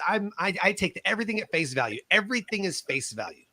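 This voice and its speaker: Animated male veteran telling stories. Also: high voice, fast talker, few pauses. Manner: animated storyteller who acts out the voices in his anecdotes. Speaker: veteran guest. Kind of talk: personal storytelling in an interview.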